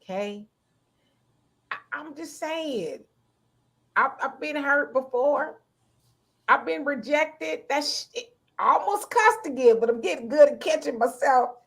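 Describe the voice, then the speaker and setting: Woman, talk show host, high voice, animated, chatty. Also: a little slow, gravelly, long pauses. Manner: animated, talkative, laughs often, acts out quoted voices. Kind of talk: casual commentary.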